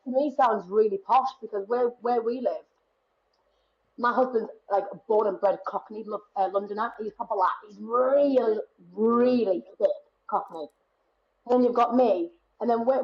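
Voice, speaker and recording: A woman's voice: fairly high pitch, moderate pace, muffled recording. A woman in her late thirties with a northeast English accent, chatting animatedly as a guest and laughing often. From northeast England. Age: 30s. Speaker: guest performer. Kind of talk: casual chat.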